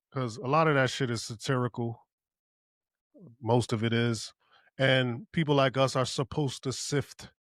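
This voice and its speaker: A man's voice: medium pitch, dry recording, studio quality. A man co-hosting a casual opinion podcast, thinking aloud in a hesitant, loose, profane way. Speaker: podcast co-host.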